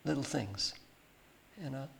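A man's voice: mid-range voice, unhurried, vocal fry. A man telling a personal story with a spiritual point, in a rambling, hesitant way with many ums and restarts. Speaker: speaker sharing a personal testimony.

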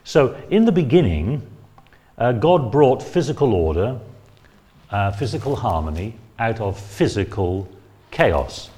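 A man preaching an expository Bible sermon, explaining step by step in a measured way with frequent "uh" and "um" fillers. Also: mid-range voice, very animated, warm tone.

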